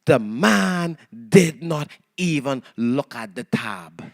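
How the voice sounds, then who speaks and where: A male pastor tells a long story from the pulpit, dropping to near whispers and then rising to loud exclamations as he acts out each person in it. His voice sits fairly high and carries a gravelly fry. The sound is dry and close. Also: slow pace, no room sound. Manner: animated, acts out quoted voices, swings from hushed to loud. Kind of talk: sermon storytelling.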